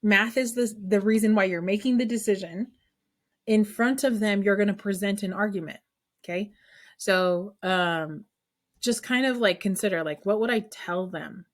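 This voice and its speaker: A woman's voice: mid-range voice, moderate pace. A woman teaching a math lesson to her class, explaining a problem step by step in a chatty way and often checking that students follow.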